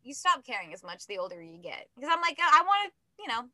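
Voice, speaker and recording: A woman's voice: high voice, very animated, quick pace, crowd noise. A young adult woman co-hosting a book podcast, talking in a rambling, giggly, self-mocking way. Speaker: podcast co-host. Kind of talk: casual chat.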